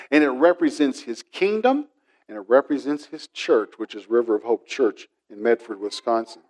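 A middle-aged man preaching a sermon, telling a personal story and acting out the voices in it. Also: mid-range voice. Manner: storytelling, animated with quoted voices. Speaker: pastor.

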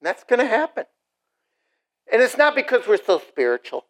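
A middle-aged man preaching a sermon to a congregation, animated, acting out short mocking voices and asides. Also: very high voice, normal speed, rough recording. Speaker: pastor.

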